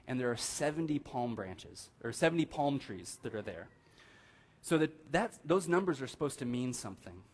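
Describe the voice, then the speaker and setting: Conversational male pastor preaching a sermon. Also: medium pitch. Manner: conversational, asks the room "right?" often, animated quoting. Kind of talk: casual sermon. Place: church sanctuary.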